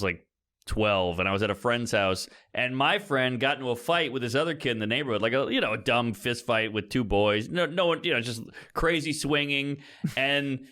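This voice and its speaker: Bright-voiced man telling stories. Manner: animated storytelling, jumps high when quoting people. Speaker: podcast co-host. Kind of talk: casual chat.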